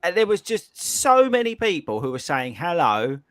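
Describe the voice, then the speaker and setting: A man's voice: sits high, very animated, normal speed, fairly bright tone, no room sound. A man with a London accent hosting a casual podcast chat, rambling and filling with "you know". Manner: rambling, repeats himself, lots of "you know". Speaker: podcast host.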